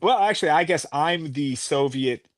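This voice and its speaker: This pro wrestling guest, a talkative middle-aged American, rambles through wrestling stories full of fillers during a laid-back interview. His voice sits on the high side, animated and moderately paced, captured clean in the studio without room sound.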